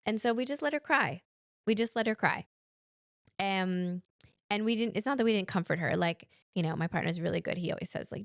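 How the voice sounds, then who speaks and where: A woman's voice: medium pitch, fairly quick, gravelly, no echo, clean studio sound. A woman in her thirties hosting a parenting podcast, talking in a chatty, rambling way with frequent restarts. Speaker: podcast host. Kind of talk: casual solo talk on parenting.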